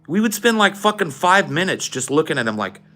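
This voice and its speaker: Young dude rambling thru a story on a podcast, swears a lot, says like constantly. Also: male voice, a little high, sing-song, a little fast, pushed and bright. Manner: rambling, swears casually, lots of fillers. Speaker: podcast host. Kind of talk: casual storytelling chat.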